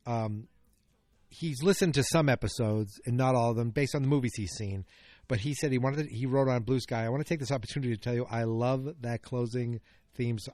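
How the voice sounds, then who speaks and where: A middle-aged man talks alone into a podcast microphone at a middle pitch, rambling and circling back on himself. His voice is close and dry with no room sound. He gets openly emotional as he chats. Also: a little mellow, dry recording. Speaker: podcast host. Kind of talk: solo casual podcast chat.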